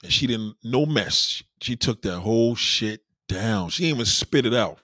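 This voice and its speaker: A man hosting a podcast, telling crude stories in an animated, profane monologue. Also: mid-range voice, moderate pace, no room sound, studio quality. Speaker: podcast host. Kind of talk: casual comedic monologue.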